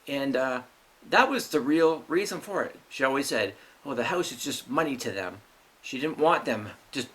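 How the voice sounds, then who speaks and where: A man's voice: medium pitch, fairly bright tone. Bitter ranting middle-aged man. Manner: bitter, ranting, heavy swearing. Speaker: vlog host. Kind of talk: angry personal monologue.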